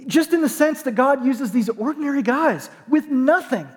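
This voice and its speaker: A man's voice: very high-pitched, lively intonation, moderate pace, big-room sound. A man preaching a sermon as pastor, conversational and emphatic, with dry self-deprecating jokes.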